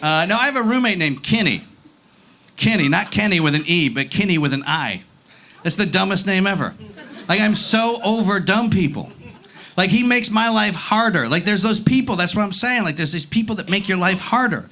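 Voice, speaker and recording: A man's voice: high-pitched, animated, brisk, pushed and bright. A man performing a live stand-up comedy set, ranting in an exasperated, profane way and bantering with the crowd. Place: comedy club stage.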